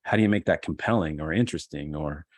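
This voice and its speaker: A middle-aged man talking about improv on a video call, telling lively stories and acting out quotes. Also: very deep voice, quick pace, dry recording. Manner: animated storyteller, acts out quotes. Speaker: improv teacher. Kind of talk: casual conversation.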